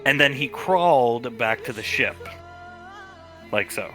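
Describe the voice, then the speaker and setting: A man narrating as game master of a livestreamed tabletop role-play, telling the scene in a relaxed way with quick character asides. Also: mid-range voice, soft background music.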